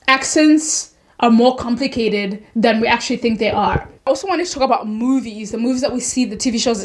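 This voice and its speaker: A young woman from Africa, chatting earnestly in a casual opinion vlog, with many fillers. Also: fairly high pitch. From South Africa. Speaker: vlogger.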